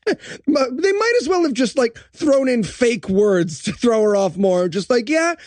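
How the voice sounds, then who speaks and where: A man's voice: extremely high pitch, expressive, a little slow, darkish tone, no echo. A man co-hosting a comedy podcast, joking with a mock-dramatic delivery. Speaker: podcast co-host. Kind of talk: casual comedic podcast chat.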